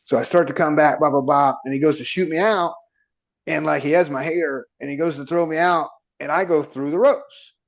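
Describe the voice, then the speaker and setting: In a gravelly, rather high voice at a slightly fast pace, a forties-aged independent pro wrestler shares stories casually as a podcast guest. The audio is dull, and he animatedly performs the dialogue he remembers.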